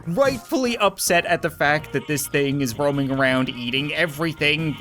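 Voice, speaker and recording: A man's voice: on the high side, lively intonation, normal speed, fairly bright tone, faint music behind. A man doing comedic let's-play commentary, sarcastic and mock-indignant, laughing often. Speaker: gaming YouTuber.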